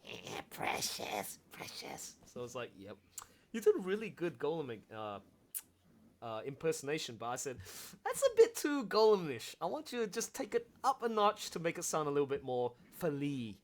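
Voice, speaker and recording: A man directing an audio drama, hosting a casual, excitable watch-along and laughing often as he gushes about scenes. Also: on the high side, moderate pace. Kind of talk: casual commentary chat.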